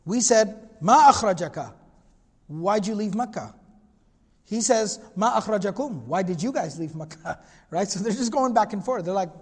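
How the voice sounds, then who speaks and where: A man giving a religious history lecture, reading passages in Arabic and retelling them in casual, animated storytelling. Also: sits high, moderate pace, breathy edge, big-room sound. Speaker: Islamic lecturer.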